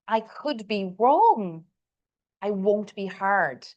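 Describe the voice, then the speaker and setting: A woman with a Northern Irish accent coaches a group live, encouraging and leaning on repeated words. Her voice sits at a middling pitch. The recording sounds dull and lo-fi. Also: expressive, drawn-out words, darkish tone. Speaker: communication coach.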